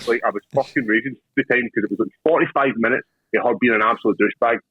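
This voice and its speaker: Husky Scottish man telling rowdy stories. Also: mid-range voice, steady tone, rapid-fire, no room sound, highs cut off. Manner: profane, rowdy anecdote-telling with laughs. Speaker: podcast co-host. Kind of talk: casual chat.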